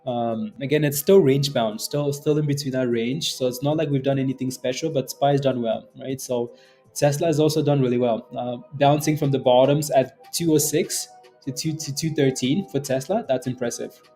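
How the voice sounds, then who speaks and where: A man's voice: mid-range voice, fairly even intonation, normal speed, warm tone, soft background music. A man hosting a live day-trading stream, hyped and cheering, laughing often as he talks through charts. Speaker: day trading livestream host.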